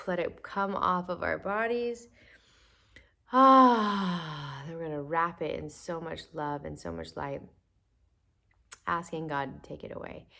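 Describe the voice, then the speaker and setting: A woman guiding listeners through a slow, soothing evening prayer meditation, coaxing them with gentle repetition and audible breaths. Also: low-pitched, creaky. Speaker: guided prayer leader.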